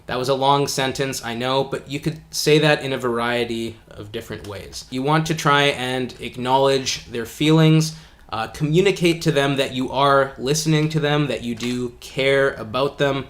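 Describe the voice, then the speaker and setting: A man's voice: mid-range voice, moderate pace. Man explaining English phrases casually. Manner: casual, friendly explaining with fillers. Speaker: English teacher. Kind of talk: online English lesson.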